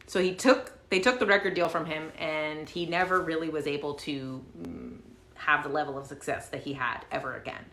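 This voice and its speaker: A woman host casually telling a story to her viewers, animated and swearing freely, with lots of fillers. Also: low voice, moderate pace, slight background noise. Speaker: channel host. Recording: roomy echo.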